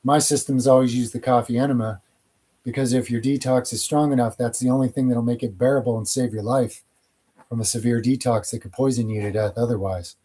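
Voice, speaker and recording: A man's voice: mid-range voice, fairly even intonation, fairly quick, dark tone. A man hosting his channel, answering viewer questions in a casual, rambling monologue with blunt opinions.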